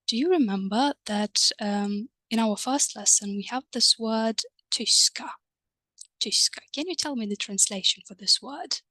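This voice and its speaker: A woman teaching a recorded online language lesson, patient and explanatory, checking in with her viewers through little prompts and soft hums of agreement. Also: on the high side, dry recording.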